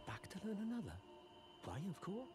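An actor playing a soft-spoken, gracious male sorcerer scholar in a video game. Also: high voice, huge pitch swings, a little fast. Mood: grateful. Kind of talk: video game character dialogue.

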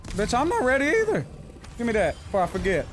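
A man streaming live gameplay, talking through fights with a lot of swearing and frustrated yelling. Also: very high-pitched, fast talker. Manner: excitable, swearing, yells in frustration. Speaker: gaming streamer. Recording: game music behind the voice.

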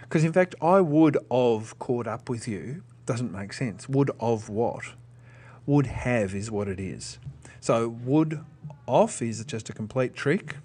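A man's voice: mid-range voice, a little mellow, slight background noise. A man, a teacher patiently explaining test strategies to students and thinking aloud with small restarts.

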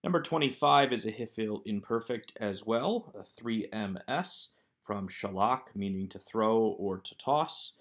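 A man with a somewhat low voice goes through workbook answers like a teacher recording a lesson. He explains each item step by step, calm and methodical, as a voice-over on slides. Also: a little slow. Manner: methodical, explanatory walkthrough of exercises. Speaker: Hebrew teacher.

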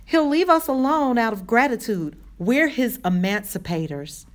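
A woman's voice: fairly high pitch, animated, moderate pace, voice pushed up, lightly acted. A woman reading aloud and voicing a bold, insistent young girl in a storybook. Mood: urgent. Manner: urgent, commanding.

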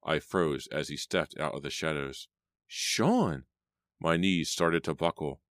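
Very deep-voiced male audiobook narrator. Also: fairly even intonation, moderate pace, a bit bright, no room sound, studio quality. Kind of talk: scripted storybook narration.

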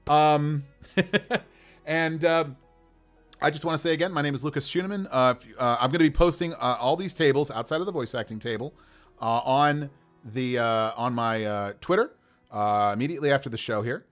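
A man's voice: mid-range voice, moderate pace, fairly bright tone, faint music behind. A male host wrapping up a live stream show, chatty and friendly with many fillers.

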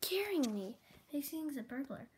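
A woman's voice: sits high, very animated, normal speed, a little mellow. A woman casually recapping her own homemade comic series, rambling along and quoting characters with "and he's like" over a noisy home recording. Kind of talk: casual rambling story retelling.

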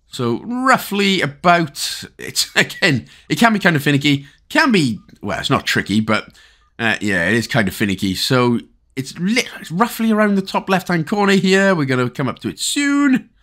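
A man's voice: a little high, fairly bright tone. A Welsh man giving a chatty, casual game walkthrough, full of rambling asides and jokes. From Wales. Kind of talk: casual gameplay commentary.

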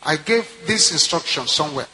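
Emphatic high-voiced Nigerian preacher man. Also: animated, fairly quick, bright, forceful tone. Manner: emphatic, lines delivered in short phrases for an interpreter. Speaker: pastor. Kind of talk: sermon. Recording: echoey hall with faint noise.

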